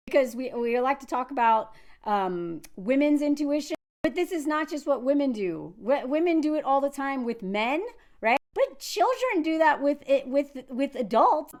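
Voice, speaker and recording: A woman from Nashville, giving casual, animated commentary to camera, laughing often and restarting her sentences. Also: sits high. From Nashville, Tennessee, US. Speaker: video commentator.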